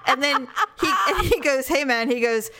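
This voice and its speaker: Woman host, high and bright, lively storyteller for a casual chat. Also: moderate pace. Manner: animated, laughs often, acts out quotes. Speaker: podcast co-host.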